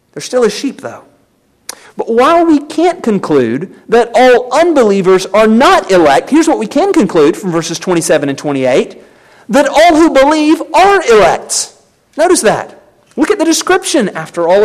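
A man preaching a sermon, emphatic and exhorting his listeners directly. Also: very high-pitched. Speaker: pastor.

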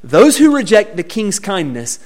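A man preaching a sermon to his congregation, with expressive delivery that swings in pitch and volume. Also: unhurried. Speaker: pastor.

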